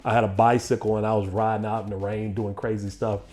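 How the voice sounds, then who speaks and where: A man hosting an interview, telling a personal story in a lively, laughing way. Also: on the low side, fast. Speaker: interview host. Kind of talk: casual storytelling chat.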